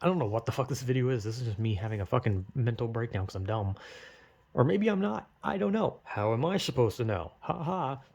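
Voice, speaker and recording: A man's voice: mid-range voice, expressive, fast, darkish tone. A man talking straight to the camera in a rambling vlog, full of fillers, swearing and self-deprecating rhetorical questions. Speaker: vlogger. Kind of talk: rambling casual monologue.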